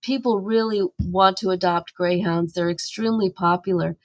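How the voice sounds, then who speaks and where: A woman's voice: mid-range voice, fairly even intonation, normal speed. A woman campaigner, a guest in a podcast interview, telling her story earnestly and with animation, with fillers and restarts.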